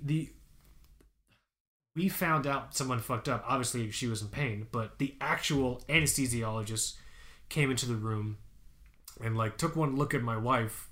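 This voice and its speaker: A man's voice: medium pitch, fairly bright tone. A man co-hosting a casual podcast, telling a story emphatically, with frequent swearing and fillers. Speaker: podcast co-host.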